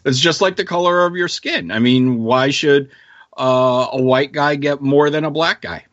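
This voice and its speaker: A man's voice: on the high side, moderate pace, fairly bright tone, dry recording, muffled recording. A man in casual podcast chat, blunt and swearing, with trailing fillers. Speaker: podcast co-host.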